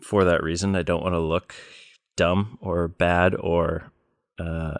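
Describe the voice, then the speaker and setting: A man co-hosting a podcast, telling plain, unhurried stories with many fillers in casual chat. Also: deep voice, flat delivery, no room sound. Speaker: podcast co-host.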